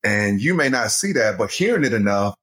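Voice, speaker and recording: Middle-aged dad co-host, lively storyteller, laughs easily, chatty podcast register. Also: male voice, fairly low pitch, fairly quick. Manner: animated storytelling, laughs often, addresses listeners as y'all. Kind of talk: casual family podcast chat.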